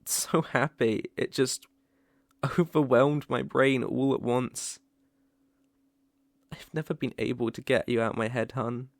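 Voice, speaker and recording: A young man with a British accent playing a remorseful ex-boyfriend in a whispered role-play, speaking hesitantly with soft laughs. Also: medium pitch, steady tone, measured pace, vocal fry, long pauses, dry recording, studio quality. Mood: tender. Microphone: close mic, ASMR.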